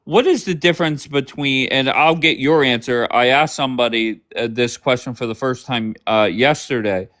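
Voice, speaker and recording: A man's voice: medium pitch, moderate pace, few pauses, a bit bright. A man hosting a casual live stream, asking rambling questions with many fillers.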